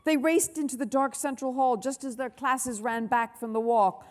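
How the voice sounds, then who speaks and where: A woman author reading a story aloud to a big audience of children in a large hall, expressive and full of sound effects. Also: high voice, moderate pace. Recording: long hall reverb.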